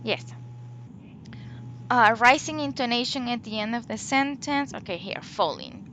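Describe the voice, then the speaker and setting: A woman teaching English over a video call. Her delivery is slow and deliberate, and she exaggerates the rise and fall of her examples. Her voice is bright and a little high, with faint background noise. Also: expressive. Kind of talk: online one-to-one lesson.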